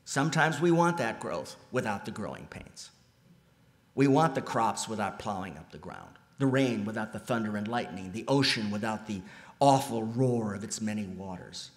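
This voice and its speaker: Guy preaching in a church, voice jumps up and down a lot, big reverb in the hall, goes loud then drops almost to a whisper. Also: fairly low pitch, animated, normal speed. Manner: dramatic, swings between loud emphasis and soft near-whispers. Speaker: lay preacher. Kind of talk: sermon. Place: church sanctuary.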